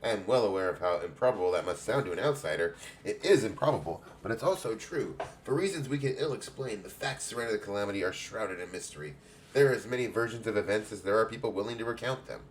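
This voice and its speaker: A man's voice: fairly low pitch, animated, quick pace, a little hiss or hum, voice pushed up, natural voice. A man voicing a stately, motherly woman who heads an adventurers' guild, in a put-on English accent and grand, old-fashioned speech while reading game dialogue aloud.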